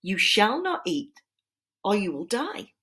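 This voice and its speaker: A woman's voice: a little high, sing-song, a little fast, voice pushed up. A woman voicing an earnest young first woman, matter-of-fact as she explains a rule.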